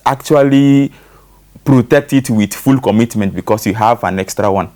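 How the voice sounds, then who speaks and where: A man's voice: mid-range voice, normal speed, a little mellow. A man with a Nigerian English accent, a panel guest on a talk show, explaining at length and leaning on fillers like "you know".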